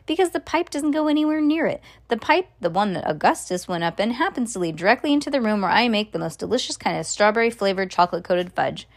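A woman reading a storybook aloud, voicing a calm, whimsical chocolate-maker with breezy reassurance. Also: mid-range voice, fast talker, hardly any pauses, natural voice. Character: whimsical, unflappable chocolate-maker, adult man.

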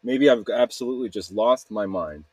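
A man's voice: fairly low pitch, moderate pace, a little mellow, husky, dry recording. A man talking to camera in a rambling, candid way, often laughing at himself. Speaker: video blogger. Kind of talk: casual confessional monologue.

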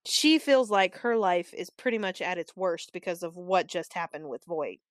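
A woman's voice: fairly low pitch, normal speed, no room sound, studio quality. Chatty woman recapping a show. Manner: chatty and animated, acts out quoted lines, openly annoyed. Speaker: podcast co-host recapping a TV episode. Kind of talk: casual chat.

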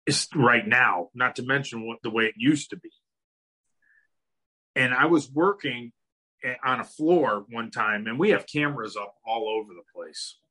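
A man guesting on a podcast, telling a story in a loose, animated way, swearing casually and laughing often. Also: medium pitch, normal speed, breathy edge, low-quality recording.

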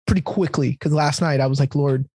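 Casting: podcast host in his thirties, slightly high husky voice, open and emotional, dry close sound. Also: fast, warm tone, no room sound. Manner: candid, emotional storytelling. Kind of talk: casual conversation.

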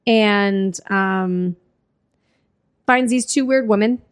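Brief: woman podcaster, animated storyteller, swears freely, acts out quotes. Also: mid-range voice, very slow, clean tone. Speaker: podcast co-host recapping a film. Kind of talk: casual chat.

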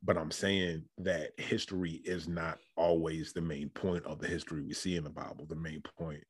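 A man's voice: a bass voice, little pitch movement, moderate pace, breathy edge, no echo. A man hosting a podcast in casual chat, thinking aloud with restarts and laughing often. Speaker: podcast host.

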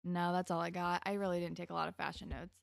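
Casual woman with a gravelly edge. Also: fairly low pitch, little pitch movement, no room sound, studio quality. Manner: chatty, laughs often, quotes characters in quick asides. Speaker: podcast co-host. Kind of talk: casual chat recapping a TV episode.

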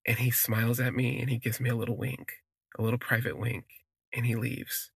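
A man telling a personal story for his podcast, in an unhurried, conversational way that lingers on words, with fillers. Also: mid-range voice, flat delivery, creaky, breathy edge, no room sound.

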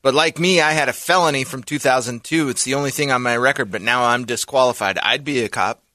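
A man's voice: medium pitch, fast talker, sharp tone, no room sound. A middle-aged man co-hosting a radio talk show, joking wryly in casual banter. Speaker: radio co-host.

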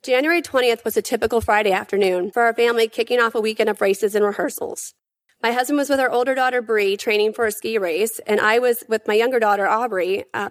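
A woman giving prepared testimony at a hearing, in an earnest, emphatic and measured way. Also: fairly high pitch.

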